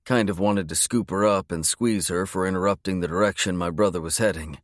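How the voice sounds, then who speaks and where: A man reading a romance audiobook in a measured, low-key narration. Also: no room sound, studio quality. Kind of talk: scripted narration.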